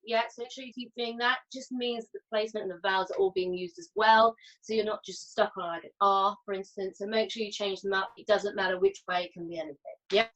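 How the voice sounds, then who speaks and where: Chatty and quick, a British woman with a medium-pitched, fairly bright voice coaches singers in a masterclass, frequently asking "yeah?" or "okay?". The mic is distant and the highs are cut off.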